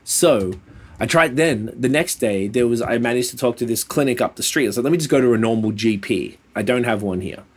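A man in pain telling a rambling, sweary story in casual chat over a call, sounding a little flat. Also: mid-range voice, a little fast, slightly rough. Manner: laid-back, swears often, rambling. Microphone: video call.

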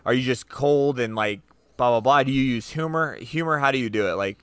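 A man's voice: mid-range voice, brisk, clear, resonant tone, no room sound. A man co-hosting a casual podcast chat, telling stories about himself with easy humor. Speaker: podcast co-host.

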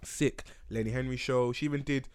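A young man who talks quickly and in a mid-range voice, hosting a casual podcast. His chat is animated and full of slang. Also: medium pitch, clean tone. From United Kingdom. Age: 20s. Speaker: podcast host.

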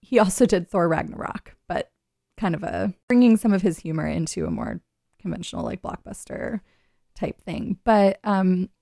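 Giggly woman radio host, gravelly voice. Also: fairly low pitch, expressive, moderate pace, dark tone, no room sound, studio quality. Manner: chatty, rambling, laughs often. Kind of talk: casual radio chat.

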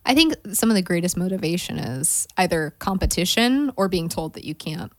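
A woman with a lowish voice, speaking calmly and thoughtfully in casual conversation, with an encouraging tone. She is recorded close and dry. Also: a little fast, dry recording. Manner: calm, encouraging, reflective. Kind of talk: casual chat.

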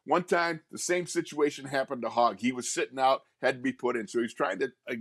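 An older man co-hosting sports radio, spinning a long anecdote with bursts of laughter and an animated, storytelling delivery. His voice is mid-pitched and captured dry and close on a studio mic. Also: fairly quick, no room sound. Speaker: radio co-host, former player.

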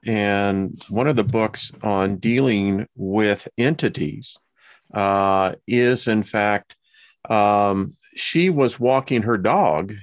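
A man hosting an interview show, speaking in an unhurried, hesitant way with frequent pauses. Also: fairly low pitch, no room sound. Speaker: show host. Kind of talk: interview host.

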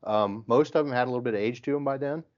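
A man's voice: mid-range voice, quick pace, dull audio. A man from the Midwest telling stories in casual chat and acting out what people said. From American Midwest. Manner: animated storyteller, acts out quotes.

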